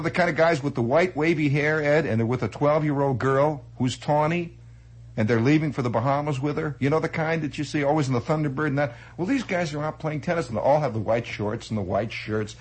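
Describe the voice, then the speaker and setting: A man telling an anecdote in a chatty, animated way, laughing through his telling. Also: fairly high pitch, husky, rough recording. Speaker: storyteller. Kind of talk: spoken anecdote.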